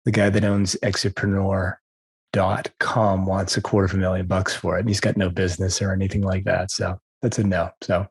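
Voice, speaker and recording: A man's voice: low voice, little pitch movement, a little fast, vocal fry, husky. A man hosting an interview, jokey and self-deprecating, asking rambling questions. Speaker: podcast host. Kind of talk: casual interview talk.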